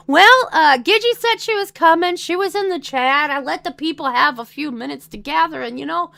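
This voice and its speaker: A woman's voice: high-pitched, gravelly, sharp tone, no room sound. A woman hosting a livestream, chatting casually and rambling to her viewers with frequent laughs. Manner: rambling, laughs often, talks to chat viewers. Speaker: livestream host. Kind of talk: casual chat to a live chat.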